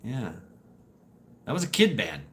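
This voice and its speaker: Here a man hosting a stream spins casual, meandering stories for his viewers, swearing and breaking into laughter. His mid-range pitch swoops wildly, though his pace stays measured.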